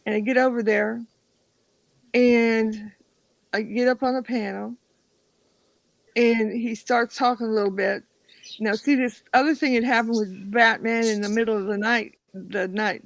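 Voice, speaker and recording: A woman's voice: a little high, steady tone, a little slow, creaky, no room sound, poor audio. A woman hosting a casual livestream chat, telling a story with lots of cursing and acting out what others said. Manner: profane storytelling, acts out quotes. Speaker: host.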